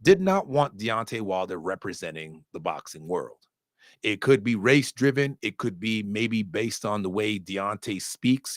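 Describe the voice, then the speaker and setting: A man giving casual, opinionated commentary on boxing, animated, profane and joking, with sudden loud outbursts. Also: mid-range voice, no room sound, studio quality.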